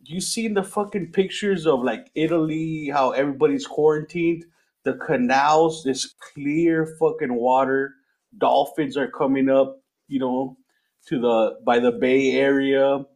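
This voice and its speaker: A man in relaxed podcast chat who rambles from point to point, swears freely and laughs readily. His voice sits at a middle pitch for a man. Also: a little slow, creaky. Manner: rambling, profane, laughs easily. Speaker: podcast host.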